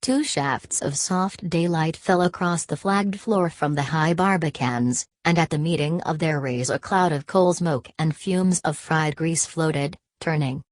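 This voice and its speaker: A woman narrating a literary audiobook with a measured reading. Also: sits low, no echo. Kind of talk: scripted narration.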